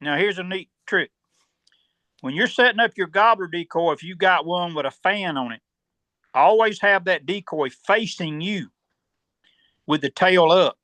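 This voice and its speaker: A man with a Southern US accent, calmly explaining turkey hunting step by step as a podcast guest and often clearing his throat. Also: high voice, measured pace, pauses often, no echo. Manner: steady, instructive, step-by-step.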